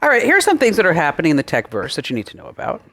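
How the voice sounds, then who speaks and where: A man's voice: a little high, rapid-fire, a little hiss or hum. A man co-hosting a radio show in casual, joking banter, telling rambling stories. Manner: joking, animated, rambling storyteller. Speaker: co-host. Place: radio studio. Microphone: studio microphone.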